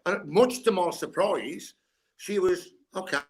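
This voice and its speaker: A man's voice: high voice, measured pace, darkish tone. Blunt older man. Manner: blunt, swears freely, tells stories with acted-out dialogue. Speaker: guest, sports coach. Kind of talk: candid storytelling chat.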